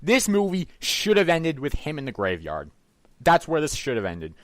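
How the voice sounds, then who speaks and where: A man with a fairly high voice gives blunt, emphatic opinions in a casual movie review chat, hammering the same point more than once. The sound is dry and close to the mic. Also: wildly swooping pitch, normal speed, no room sound. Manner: blunt, emphatic, repeats his complaints. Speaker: co-host of a movie review show.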